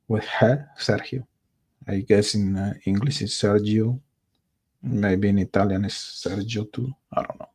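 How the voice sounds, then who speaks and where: A man's voice: fairly low pitch, a little mellow. A man hosting a livestream, reacting to a video in casual commentary, thinking aloud hesitantly with many fillers.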